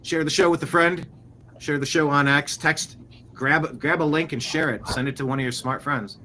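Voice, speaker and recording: A man's voice: a little high, fairly even intonation, normal speed, bright, forceful tone, a little hiss or hum. A man hosting a casual news podcast, talking in a loose, rambling way with jokey asides and restarts. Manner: rambling, jokey, slips into silly voices. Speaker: podcast host.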